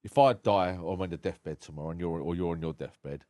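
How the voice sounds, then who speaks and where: A man's voice: deep voice, brisk, warm tone, no echo, clean studio sound. A man, a podcast guest recounting his life frankly and with feeling, swearing freely. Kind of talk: candid personal storytelling.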